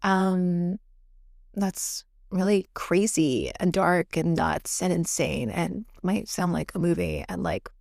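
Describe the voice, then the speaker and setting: A woman's voice: on the low side, expressive, takes it slowly, vocal fry, darkish tone, dry recording, studio quality. A young woman hosting her own podcast late at night at home, talking frankly and profanely with lots of fillers and laughing through heavy topics. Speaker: podcast host. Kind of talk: candid solo podcast monologue.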